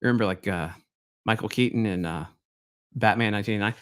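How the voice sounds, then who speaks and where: A middle-aged man hosting a reaction commentary show, sarcastic and mocking, dropping to mutters and then bursting out loud. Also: lowish voice, quick pace, clear, resonant tone. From Southwest Baltimore, US.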